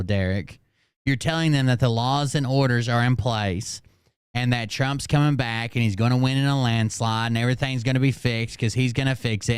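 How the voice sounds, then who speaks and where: A man with a Southern accent talks in a relaxed, mocking way, swearing freely and poking fun at the clips he plays. His voice is smooth and clear, recorded close and dry. He sits at a mid pitch and keeps a loose, offhand tone. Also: dry recording. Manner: sarcastic, profane, mocking. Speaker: host. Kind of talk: casual commentary.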